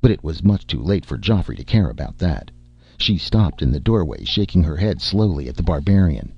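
A man reading a story aloud as a narrator, in measured scripted narration. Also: a bass voice, animated, gravelly, a little mellow, husky, dry recording, muffled recording. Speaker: audiobook narrator.

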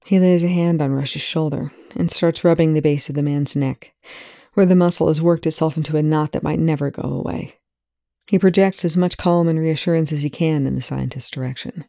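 A reader narrating fan fiction in a quiet, even manner. The voice is gravelly and dark, recorded close in a dry room. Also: medium pitch, brisk, no echo. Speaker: audiobook narrator. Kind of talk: audiobook reading of fan fiction.

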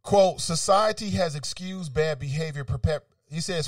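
A man's voice: on the high side, moderate pace, hardly any pauses, no room sound, far from the mic. Guy ranting on talk radio, argues back at quotes he reads, dry sound, kinda off the mic. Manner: animated, argumentative, reads quotes then rebuts them. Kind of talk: opinionated talk radio commentary.

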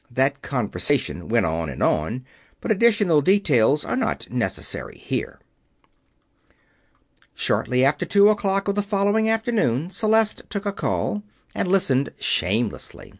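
Man reading an audiobook, lively pitch, dry close mic. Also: moderate pace, no echo. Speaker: audiobook reader. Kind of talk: scripted narration.

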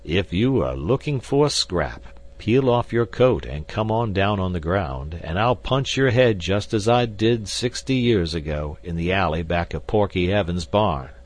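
A long-winded old professor with a deep, low voice, stilted and grandly formal, as a man reads him. He lectures in heavy, pompous sentences, as in a spoken storybook. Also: expressive, normal speed, husky. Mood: belligerent. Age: older. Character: elderly pompous male professor.

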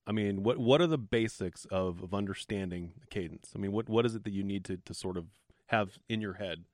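A man hosting an interview podcast, asking measured questions that he often restarts. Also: on the low side, no room sound, studio quality. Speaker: podcast host.

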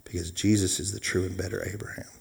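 Animated preaching man in a reverberant hall. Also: deep voice, fast, creaky, slightly rough. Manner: animated, jokey preaching with acted-out voices. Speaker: pastor. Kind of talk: sermon.

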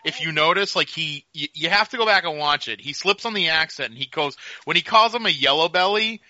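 A man co-hosting a casual wrestling chat, talking animatedly and slipping into quick impressions. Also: on the high side, pushed and bright, no room sound. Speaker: podcast co-host. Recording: dull lo-fi sound.

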